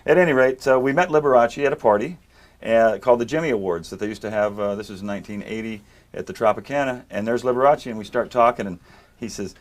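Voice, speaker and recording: A man's voice: mid-range voice, fast. An older man, a magician, telling comic stories in a chat-show interview, doing voices for the people he quotes. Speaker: magician guest. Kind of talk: storytelling interview.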